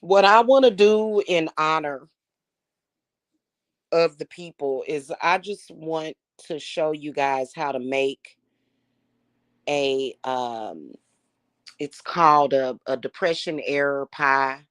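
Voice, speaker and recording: A woman's voice: low-pitched, slow pace, pauses often, dry recording. A woman, talking casually to her viewers, emphatic and emotional, often repeating words as she builds up steam. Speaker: spiritual channel host.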